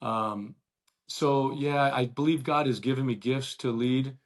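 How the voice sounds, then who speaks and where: A middle-aged man, a former ballplayer, guesting on a casual podcast chat, speaking earnestly and warmly and often restarting his sentences. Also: medium pitch, a little slow. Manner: earnest and warm-hearted, with frequent restarts. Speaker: guest, former baseball player.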